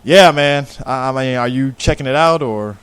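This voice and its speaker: A man's voice: mid-range voice, moderate pace, a crowd in the background. A man hosting a casual film chat podcast, laid-back and swearing freely, often trailing off and restarting. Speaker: podcast host.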